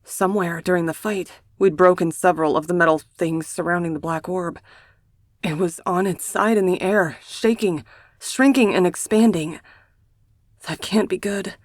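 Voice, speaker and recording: A woman reading a first-person romance novel aloud in a hushed, emotional manner, as a scripted audiobook narration. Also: lowish voice, normal speed, dry recording, clean studio sound.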